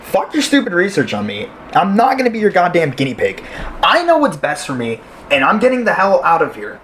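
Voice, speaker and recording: A man's voice: medium pitch, lively intonation, brisk, noisy background, close to an everyday voice. A man playing a quarantined patient who grows uneasy and furious, in an amateur audio drama. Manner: uneasy, then bursts into shouting rage.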